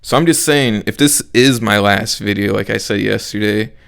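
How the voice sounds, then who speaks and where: Young male vlogger, gravelly low voice, profane and incredulous storyteller. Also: moderate pace, a bit bright. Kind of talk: casual storytelling to camera.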